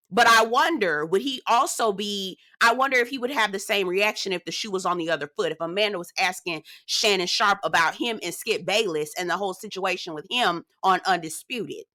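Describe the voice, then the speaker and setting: A woman's voice: mid-range voice, brisk, hardly any pauses, sharp tone, no room sound. A young adult woman hosting a gossip recap, talking straight to her viewers in a sassy, hollering rant. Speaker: gossip commentary host. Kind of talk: ranting recap commentary.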